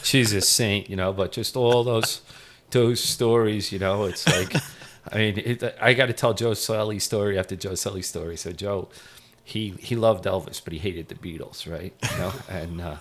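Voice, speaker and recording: A man's voice: on the low side, fairly even intonation, normal speed, fairly bright tone. A middle-aged man, a retired firefighter, telling firehouse stories in a rambling, casual way, full of "you know" fillers. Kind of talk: casual storytelling interview.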